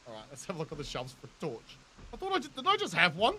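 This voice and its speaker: Man, New Zealand accent, game streamer, bright voice, slightly high, jokes and laughs a lot, faint background noise. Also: huge pitch swings, very fast. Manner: jokey, laughs often, swears freely. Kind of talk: casual gameplay commentary chatting with viewers.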